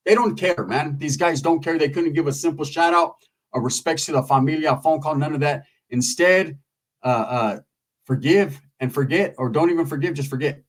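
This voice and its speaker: A man talking casually into the camera, telling a profane story and mimicking other people in loud, high voices. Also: normal speed. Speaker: YouTube commentator. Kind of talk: casual commentary monologue.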